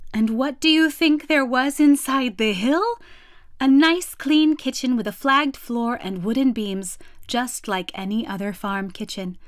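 Lady reading a kids' storybook aloud, gentle and measured, kinda high voice, dry close sound. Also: no echo. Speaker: storybook reader. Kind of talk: children's storybook read-aloud.

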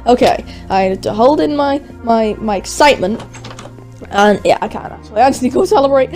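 A woman gaming YouTuber narrating a Minecraft role-play in an excitable, self-narrating way with squeals and gasps. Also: a little high, fairly quick, soft background music.

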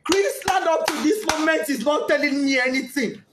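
A woman's voice: high voice, normal speed, background noise. Grief-stricken Nigerian woman, impassioned. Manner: impassioned, swinging between shouting and hushed speech. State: grief-stricken, often crying. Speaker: bereaved mother. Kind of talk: emotional spoken testimony. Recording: echoey room.

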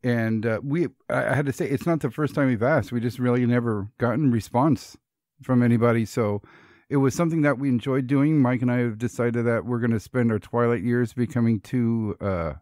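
A man's voice: mid-range voice, fairly quick, a little mellow, no echo. Male podcast co-host, mid-range voice, dry close sound, friendly loose delivery. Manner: easygoing, thankful, rambling. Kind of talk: casual chat.

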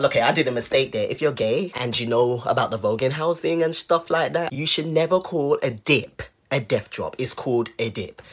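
A man reacting to a music video, talking in a sassy, flamboyant and exclamatory way from his apartment. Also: a little high. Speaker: reaction YouTuber. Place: apartment on a top floor. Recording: music video playing loudly behind.

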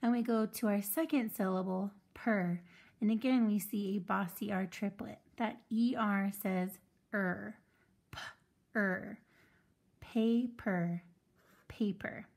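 A woman's voice: medium pitch, steady tone, moderate pace, vocal fry, darkish tone. A woman teaching a phonics lesson to children, patiently sounding out words syllable by syllable.

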